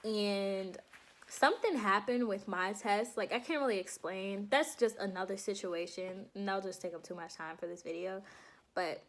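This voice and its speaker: A young woman vlogging to her viewers in a casual, animated storytelling way, laughing often and calling them y'all. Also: medium pitch, normal speed. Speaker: vlogger recounting her enlistment processing.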